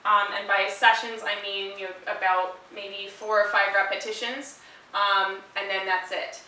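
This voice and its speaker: A woman dog trainer explains handling exercises at an even, patient pace, breaking off now and then for quick high-pitched praise to her dog. Her voice is bright and sharp. She sounds distant from the mic in a very reverberant room with a faint hiss underneath. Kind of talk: instructional demonstration.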